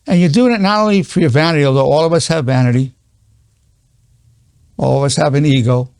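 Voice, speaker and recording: Gravelly older man teaching earnestly. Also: on the high side, fairly quick, a little mellow, dry recording, studio quality. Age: 80s. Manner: earnest, repetitive, stammering restarts. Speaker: psychologist teaching a lesson. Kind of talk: unscripted spoken lesson.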